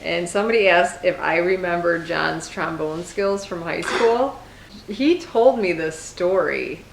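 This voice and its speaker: Young woman, lowish voice, giggly casual co-host, recorded in an echoey room. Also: a little slow, vocal fry. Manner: giggly, reads questions aloud. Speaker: co-host, wife. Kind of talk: casual couple Q&A chat. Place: home, on a couch. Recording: echoey room, faint background hiss.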